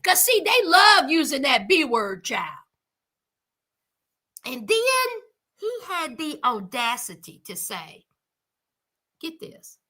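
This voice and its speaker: A sassy woman talks straight to her viewers, calling them honey as she reacts to a reality show. Her voice sits high and bright, swinging up and down with lively energy. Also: takes it slowly, long pauses. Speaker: reality TV commentator. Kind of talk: reaction commentary.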